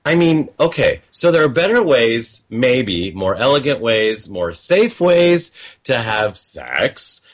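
A man's voice: medium pitch, big pitch swings, takes it slowly. A man speaking in a personal reflective monologue, telling stories of calls he got and quoting the callers. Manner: conversational, storytelling with quoted callers, chuckles often.

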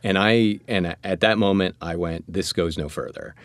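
A man with a low voice tells stories from his acting work, now and then jumping into other people's voices. The sound is dry and close, with no room around it. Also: moderate pace, no room sound. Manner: animated storyteller acting out voices. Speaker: actor guest. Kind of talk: storytelling interview.

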